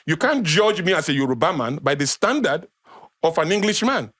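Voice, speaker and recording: A man's voice: a little high, big pitch swings, normal speed, a bit bright, dry recording. A middle-aged man with a Nigerian accent, a guest speaking with passion on a podcast, emphatic and lecturing, repeating phrases for effect.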